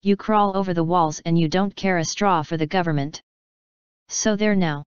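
A woman's voice: lowish voice, moderate pace, clean tone, no echo, dull audio, lightly acted. A woman voicing a brash, streetwise young boy in a storybook reading, bossy and slangy. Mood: cocky.

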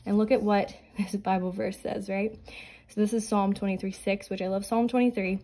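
A woman's voice: medium pitch, level tone, normal speed, rough recording. A young adult woman hosting a budgeting vlog, chatting earnestly, slightly out of breath from pregnancy. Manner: soft, earnest, prayerful. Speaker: budgeting channel host. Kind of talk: casual chat and scripture reading.

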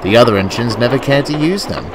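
A man narrating a children's railway story in a gentle, expressive reading style. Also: mid-range voice, fast talker, very noisy.

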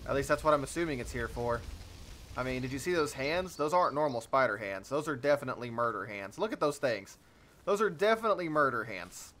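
A young man giving jokey, excitable commentary over a game he's playing, often yelping in surprise. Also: mid-range voice, fast, soft background music. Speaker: let's play host. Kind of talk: gameplay commentary.

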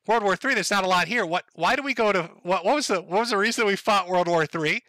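A man's voice: sits high, fast talker, sharp tone, no echo, voice pushed up. A man voicing a confused young schoolboy who stammers out puzzled questions to his teacher. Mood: baffled.

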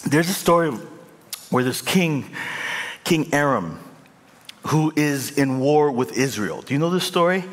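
A man's voice: a little high, lively intonation, unhurried, long pauses. A male pastor preaching a sermon, impassioned and conversational, with a long hall reverb on the voice. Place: large church hall.

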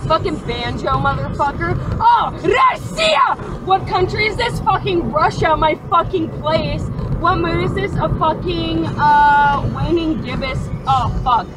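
A young woman riding as a rideshare passenger, loud and giddy, shouting answers and swearing. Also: very high-pitched, distant mic, low-quality recording. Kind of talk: rowdy casual chatter. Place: inside a car at night. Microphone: dashboard camera. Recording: loud car noise, dashcam audio.

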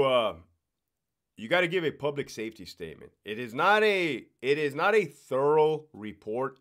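A man in ordinary mid-range pitch who worked as a prison guard, talking shop in a loose podcast chat. He is blunt and swears freely. He checks in with his listeners by tagging his points with "right?". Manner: blunt and profane, explaining rules with lots of swearing. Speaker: former correctional officer.

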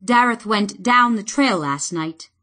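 A woman voicing a calm young male king in an audiobook, in a steady, reassuring tone. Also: medium pitch, a little slow. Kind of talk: audiobook reading.

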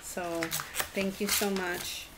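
A woman vlogger unboxing mail at home, talking slowly and gently with heartfelt thanks to God and her viewers. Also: mid-range voice, flat delivery. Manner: slow, gentle, religious and thankful. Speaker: yarn crafting vlogger. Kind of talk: casual unboxing chat. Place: hot home room with a fan behind. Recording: faint fan noise.

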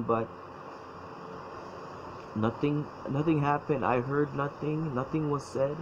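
Man giving a halting personal testimony, restarts a lot, slightly dull lo-fi sound. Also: mid-range voice. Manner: halting, repeats words, emotional. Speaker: former church member telling his story. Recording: dull lo-fi sound, faint noise.

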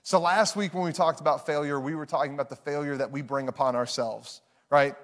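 A man's voice: fairly high pitch, fairly even intonation, brisk, a bit bright. A man, preaching a sermon in a conversational, self-deprecating storytelling way to a live congregation. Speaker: pastor.

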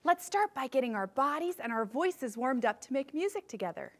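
A woman music teacher leading a children's music lesson, upbeat as she guides the class through movement warm-ups. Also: high voice, sing-song, a little fast.

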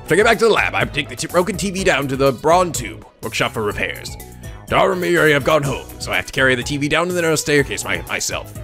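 A man's voice: fairly high pitch, sing-song, quick pace, vocal fry, sharp tone, faint music behind. A man hosting a let's play, reading a visual novel aloud with playful, theatrical delivery, often giggling.

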